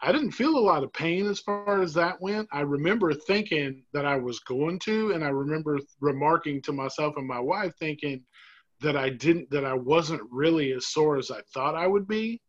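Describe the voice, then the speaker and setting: A man's voice: fairly high pitch, moderate pace, dull audio. A man chatting casually, telling a story with jokes and playful asides. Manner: joking, animated storyteller. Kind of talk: casual chat about surgery recovery.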